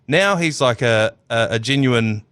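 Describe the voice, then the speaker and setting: A man's voice: mid-range voice, animated, unhurried, fairly bright tone, clear, resonant tone, dry recording. Man, New Zealand accent, sports podcast host, joking and rambling, dry close sound. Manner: joking, rambling, laughs often. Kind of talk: casual sports chat.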